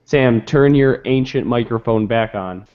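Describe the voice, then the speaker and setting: A man's voice: medium pitch, unhurried, muffled recording, a little hiss or hum. A man hosting a casual live game show, joking and keeping score as he calls on each player.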